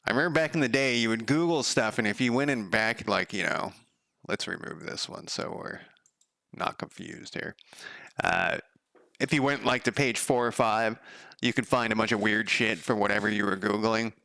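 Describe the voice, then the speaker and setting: A man's voice: lowish voice, a little fast, pushed and bright, no echo. A man streaming as a game developer, talking through his code in a loose, sardonic, profane ramble. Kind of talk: casual live coding commentary.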